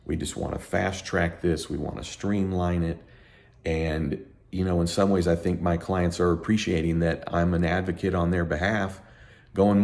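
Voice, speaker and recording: A middle-aged accountant talking to camera in a heated, emphatic rant, sleep-deprived and worked up. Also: male voice, sits low, moderate pace, gravelly. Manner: emphatic, ranting, animated. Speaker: accountant and tax educator. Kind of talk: heated unscripted talk to camera.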